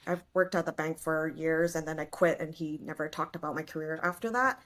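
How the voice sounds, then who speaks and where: Comedian guest, woman in her late forties, lively storyteller with a slightly low pitch. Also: fairly quick. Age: 40s. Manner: lively storyteller, acts out voices. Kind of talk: casual podcast interview.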